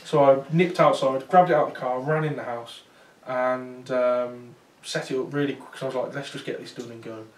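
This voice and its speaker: A man's voice: mid-range voice, steady tone, normal speed, few pauses. A man, a paranormal investigator, telling a chatty story to a small audience, with many fillers and restarts. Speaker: paranormal investigator giving a talk. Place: talk venue with small audience. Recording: roomy sound from far off.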